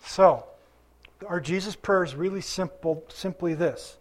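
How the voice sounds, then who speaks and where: High-voiced man preaching to a congregation. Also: unhurried. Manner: conversational preaching, quizzing the congregation. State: recovering from illness. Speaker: pastor. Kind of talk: sermon.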